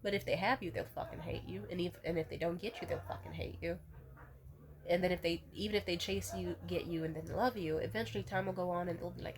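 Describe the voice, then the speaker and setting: A woman's voice: fairly low pitch, fast, crowd noise. A young woman ranting bluntly and profanely to camera in a casual vlog, restating points as she goes. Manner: repeats herself to restate points. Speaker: vlogger.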